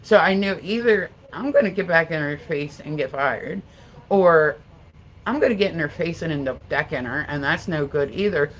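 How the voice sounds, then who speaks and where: Middle-aged female streamer, lowish voice, rambling profane chat to viewers. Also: moderate pace, a little hiss or hum, poor audio. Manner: answers viewer comments aloud. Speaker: livestreamer. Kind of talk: casual live-stream chat.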